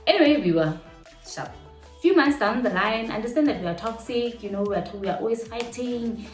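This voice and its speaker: A South African woman in her twenties telling a story from her own life in a chatty, animated vlog, mixing slang and local phrases into her talk. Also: fairly high pitch, fairly quick. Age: 20s. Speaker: vlogger. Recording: roomy room with faint music behind.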